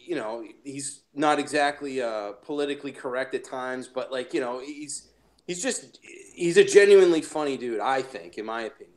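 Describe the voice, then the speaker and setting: Man, mid-pitched, rambling, profane, podcast guest. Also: moderate pace, a little mellow. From Massachusetts. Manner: rambling, many fillers and restarts, laughs a lot. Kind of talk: casual profane chat.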